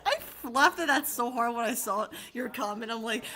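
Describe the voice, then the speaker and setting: A woman's voice: on the high side, animated, measured pace. A woman hosting a casual chat on a call, laughing a lot and playfully repeating catchphrases. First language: English, with Spanish as a second language. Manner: giggly, lots of laughing and playful quoting. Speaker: host.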